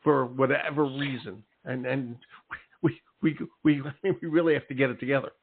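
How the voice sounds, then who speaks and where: A man's voice: mid-range voice, fairly even intonation, moderate pace, husky. Male talk-radio host, emphatic and chatty, thin phone-line audio. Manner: emphatic, peppers talk with "okay?" and "all right". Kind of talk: casual interview talk.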